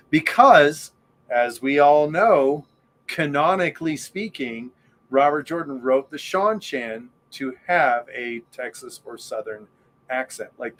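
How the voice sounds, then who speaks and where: A man's voice: medium pitch, a bit bright, slight background noise. A man hosting a podcast in casual chat, rambling and enthusiastic, with lots of fillers. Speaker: podcast host.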